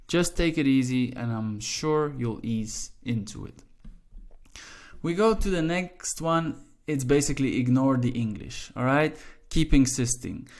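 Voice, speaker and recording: A man from Belgium, a Dutch speaker, hosting a casual language lesson in an encouraging way with frequent "all right?" check-ins. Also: medium pitch. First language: Dutch (Flemish). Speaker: language teacher and channel host.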